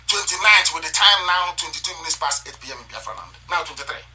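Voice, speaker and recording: A man's voice: fairly high pitch, lively intonation, fast, pushed and bright, recorded from a distance, low-quality recording. A man hosting a live online broadcast, fiery and accusatory, who repeats his phrases and laughs between lines.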